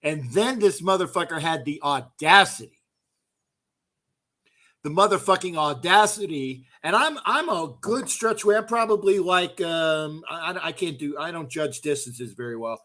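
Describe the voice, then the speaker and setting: A man's voice: on the high side, animated, normal speed, pushed and bright. A middle-aged man hosting a fan show, ranting in a profane, fired-up way and often repeating himself. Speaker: host of a fan call-in show. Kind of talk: heated casual fan rant.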